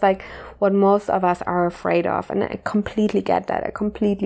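An earnest woman life coach speaks on her motivational podcast. Her tone is heartfelt and chatty, peppered with "like" and the occasional swear word. She speaks at an ordinary, middling pitch. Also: darkish tone.

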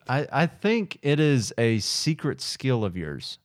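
A man's voice: medium pitch, very animated, slow pace, no echo, clean studio sound. A man hosting a podcast in casual chat, laughing easily and rambling a bit. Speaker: podcast host.

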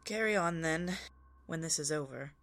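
A woman's voice: deep voice, normal speed, a bit bright. A woman voicing a dignified, weary older male starship captain who speaks in a dry, formal way.

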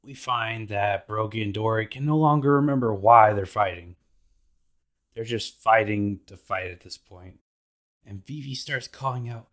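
A man's voice: fairly low pitch, moderate pace, a bit bright. A man hosting a podcast, recapping anime episodes in a laid-back, slangy way.

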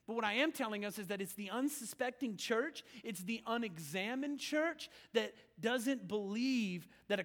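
Male pastor, high voice, conversational sermon, loud-to-hushed swings, long hall reverb. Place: church sanctuary.

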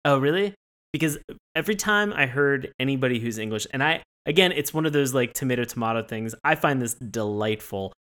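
A man's voice: mid-range voice, animated, brisk, a bit bright. A man co-hosting a casual podcast chat, rambling with many restarts and frequent laughter. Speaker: podcast co-host.

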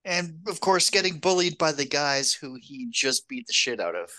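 A man's voice: on the high side, lively intonation, sharp tone, no echo. A man co-hosting a podcast, chatting casually with wry jokes and frequent laughter. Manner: wry jokes and quick agreement, laughs often. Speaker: podcast co-host. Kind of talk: casual chat.

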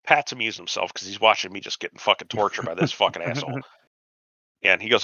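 Racing through a long, profane, rambling anecdote, a podcast host in his 40s acts out the words of people he met during a casual storytelling chat. His voice is fairly low and sharp, and the recording's highs are cut off.

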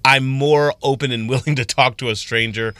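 A man's voice: mid-range voice, normal speed, no room sound, studio quality. A man co-hosting a radio show, talking casually and animatedly, acting out what he and his partner said. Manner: animated, laughing, acts out quoted lines. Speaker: radio co-host.

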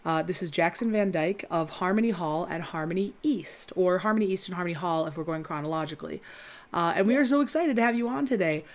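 Lower-pitched woman co-host, giggly, self-deprecating casual talker. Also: fast talker. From West Michigan. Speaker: podcast co-host. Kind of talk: casual chat.

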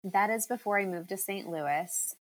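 A young adult woman, a guest on a podcast, answering in a relaxed, unhurried way. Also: mid-range voice, slight background noise, poor audio. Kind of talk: casual interview answers.

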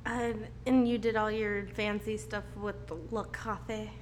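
A woman's voice: medium pitch, flat delivery, unhurried, a little hiss or hum. A woman co-hosting a casual podcast, telling stories in a joking, self-mocking way and swearing casually. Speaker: podcast co-host.

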